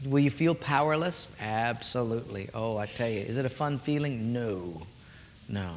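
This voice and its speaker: A man preaching a sermon, animated, swinging from loud storytelling to soft, quiet points. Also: sits high. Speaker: pastor. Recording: long hall reverb.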